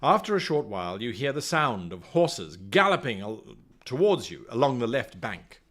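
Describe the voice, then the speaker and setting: A man's voice: medium pitch, sing-song, normal speed, fairly bright tone. A man acting as game master, reading a solo gamebook aloud on a live stream and chatting with viewers. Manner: chatty, talks to the stream chat, reads passages aloud.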